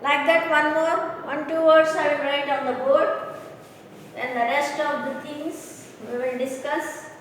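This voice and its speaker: Woman teacher, slow delivery, repeats words, long hall-like echo, faint room noise. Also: high voice, little pitch movement. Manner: slow, repetitive, keeps checking students understand. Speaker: English teacher. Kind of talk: recorded pronunciation lecture. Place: classroom or room with a board. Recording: echoey room, voice far from the mic.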